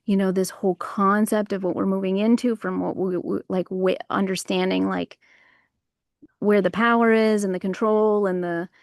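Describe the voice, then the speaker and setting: A woman's voice: mid-range voice, fairly even intonation, moderate pace, creaky, no room sound, studio quality. A woman hosting a casual livestream outdoors, rambling through spiritual musings with lots of fillers. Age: adult parent. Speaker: livestream host. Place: outdoors on a warm day.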